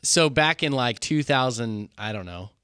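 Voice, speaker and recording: A man's voice: mid-range voice, expressive, a little slow, pushed and bright, clear, resonant tone, no echo, studio quality. A man casually telling a funny story on a podcast, acting out the people he quotes and laughing often. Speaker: podcast co-host, former pastor.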